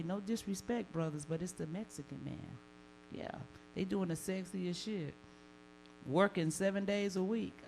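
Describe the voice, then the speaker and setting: A woman from the Deep South with a Southern accent, performing bawdy, animated live stand-up comedy and laughing at her own jokes. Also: a little hiss or hum, rough recording. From Deep South of the United States. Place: comedy stage before a live audience.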